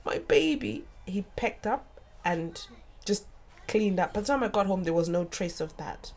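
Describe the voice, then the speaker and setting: A woman's voice: fairly low pitch, normal speed, darkish tone. A middle-aged woman, a guest, earnestly telling a painful personal story and acting out the voices of others. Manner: earnest, acts out quoted voices.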